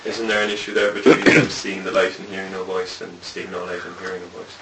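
Class member, real low monotone guy, talks fast, far from the mic. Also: a crowd in the background.

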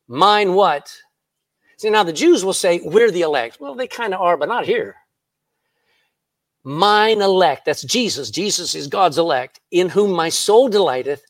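A man's voice: a little high, no echo. A man preaching a sermon in church, reading scripture aloud and laughing at his own jokes. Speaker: pastor.

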